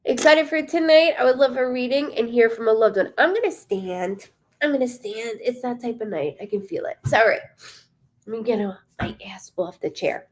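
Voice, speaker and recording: A woman's voice: fairly high pitch, normal speed. A woman hosting a live stream as a psychic medium, chatting casually, greeting viewers by name and swearing freely.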